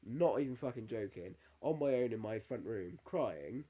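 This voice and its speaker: Sweary podcast host telling stories. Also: male voice, mid-range voice, animated, moderate pace, warm tone, slightly rough. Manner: candid, sweary, emotional storytelling. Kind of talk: casual chat.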